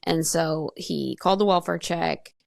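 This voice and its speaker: A woman's voice: deep voice, a little slow, creaky, no echo, clean studio sound. A woman recounting her past as a podcast guest, frank and matter-of-fact, laughing at herself and peppering her talk with "like". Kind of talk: candid personal storytelling.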